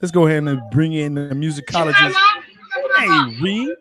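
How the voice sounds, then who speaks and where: Lively man hosting a sports chat. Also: a little high, normal speed, over loud music. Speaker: host.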